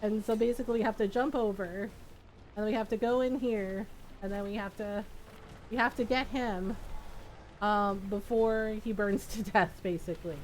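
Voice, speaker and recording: A woman's voice: mid-range voice, steady tone, normal speed, a little hiss or hum, poor audio. A woman streamer chatting casually and affectionately while playing a game, laughing often.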